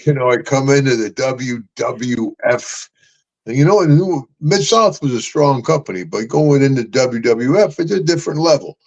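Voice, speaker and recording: An older American man with an American accent, telling lively road stories as an interview guest, chuckling and calling people brother. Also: medium pitch, moderate pace, rough recording. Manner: animated storyteller, chuckling, calls people brother. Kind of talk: storytelling interview.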